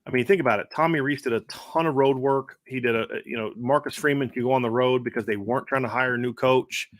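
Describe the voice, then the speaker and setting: A man talks football on a casual podcast, blunt and opinionated, often restarting his sentences. His voice sits at a middle pitch. The sound is dry and close, with no room around it. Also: fast, no echo. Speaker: football analyst host. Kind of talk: casual sports podcast chat.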